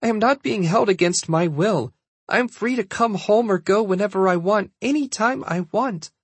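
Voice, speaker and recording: A man voicing a defiant young shifter princess in an audiobook, talking firmly with a husky voice. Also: a little high, expressive, moderate pace, no echo. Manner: firm, defiant, rising to outrage. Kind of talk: audiobook character voice.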